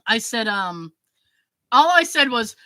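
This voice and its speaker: A woman podcast host telling a story in casual chat, acting out the quoted dialogue with lively emphasis. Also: a little high, takes it slowly, no echo, low-quality recording. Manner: animated, acts out quoted dialogue.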